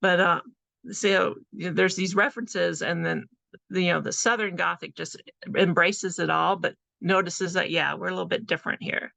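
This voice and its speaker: A woman with a very gravelly, fry-heavy voice that still sounds bright and forceful. She gives a relaxed, conversational presentation as an author, often pausing on little fillers. The recording is dry and close. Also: fairly low pitch, no echo. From California. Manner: chatty, conversational, with frequent fillers. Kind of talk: casual presentation talk.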